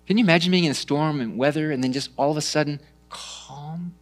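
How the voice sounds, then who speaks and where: A man preaching a sermon, retelling stories with lively rises and hushed drops. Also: fairly high pitch, fairly quick, few pauses. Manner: animated storytelling, dropping to hushed tones. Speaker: pastor.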